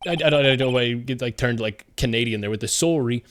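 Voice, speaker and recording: A man's voice: medium pitch, fast talker, background noise. A man streaming a game, joking and swearing casually as he reads the dialogue aloud. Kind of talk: casual let's-play commentary, reading game dialogue aloud. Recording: game music playing under voice. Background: game music.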